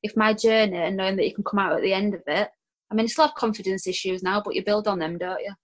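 A woman's voice: mid-range voice, steady tone, quick pace. A woman from Halifax with a Yorkshire accent, chatting openly and self-deprecatingly as a podcast guest. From Halifax, England. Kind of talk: casual chat.

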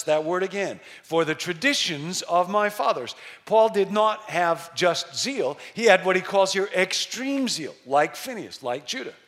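A middle-aged male pastor preaching a sermon, telling a story with emphasis and slowing down to stress key words. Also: high-pitched, lively intonation, a bit bright.

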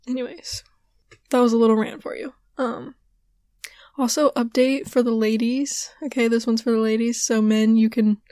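Brief: young female podcast host, hoarse strained voice, slightly high, dry close sound, loose rambling chatter. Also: darkish tone, no room sound. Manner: rambling, filler-heavy, ranting. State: voice giving out, hoarse. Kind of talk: casual chat.

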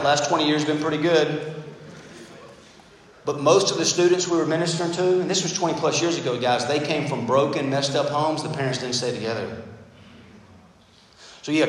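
A middle-aged American man preaching a sermon, telling stories in an animated, self-deprecating way. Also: a little high. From United States. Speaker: pastor. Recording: very echoey hall, faint room noise.

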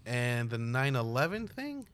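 A man's voice: medium pitch, sing-song, a little slow, smooth. A man co-hosting a casual comedy podcast, rambling and correcting himself. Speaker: podcast co-host. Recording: loud noise with clicks.

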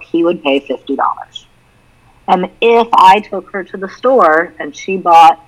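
A woman's voice: low voice, low-quality recording. A middle-aged woman co-hosting a casual recovery podcast, telling a family story and acting out the voices of the people in it. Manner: animated storyteller who acts out quoted voices. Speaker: podcast co-host.

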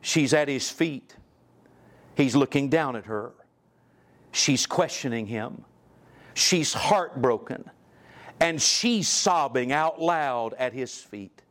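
A male guest preacher delivering a sermon, reading scripture aloud and asking the congregation direct questions, his pitch and loudness swinging widely. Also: slow pace, long pauses. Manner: reads scripture aloud in old-style wording; asks the listeners direct questions.

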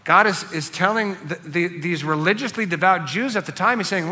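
A man preaching a sermon in a conversational, animated way, acting out quotes in other voices. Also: high-pitched, normal speed, few pauses, long reverb tail. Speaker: pastor.

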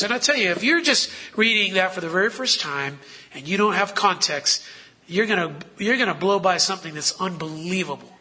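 A man's voice: high-pitched, expressive, brisk, pushed and bright, slightly rough. A man preaching a sermon in a conversational way, asking the listeners rhetorical questions.

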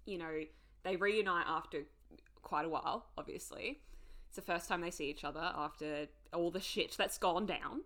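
A woman co-hosting a podcast in casual chat, gushing and excitable, laughing often. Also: fairly low pitch, moderate pace. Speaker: podcast co-host.

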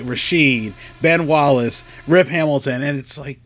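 A man's voice: on the high side, a little slow, a bit bright. A man in casual podcast chat, reflective, with exclamatory asides.

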